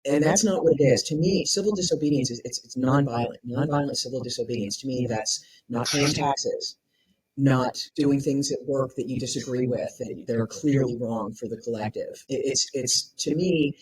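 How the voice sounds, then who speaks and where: A man's voice: medium pitch, moderate pace, breathy edge, no room sound, low-quality recording. A man co-hosting a podcast, explaining his view emphatically and repeating words as he thinks. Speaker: podcast co-host. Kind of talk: casual podcast discussion.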